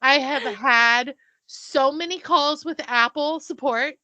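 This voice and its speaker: Woman in her fifties, high pitched, bright tone, dry close sound, chatty podcast co-host. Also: slow, no echo. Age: 50s. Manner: chatty, animated storyteller, swears casually. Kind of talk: casual chat.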